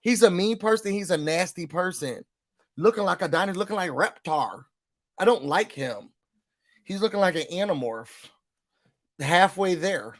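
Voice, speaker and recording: A man giving casual recap commentary on a reality show, sassy and animated, repeating words for emphasis. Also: high voice, moderate pace.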